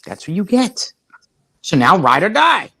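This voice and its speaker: A man's voice: high-pitched, wildly swooping pitch, measured pace, vocal fry, sharp tone, husky. A man co-hosting a livestream who rants and swears, combative and heated. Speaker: livestream co-host.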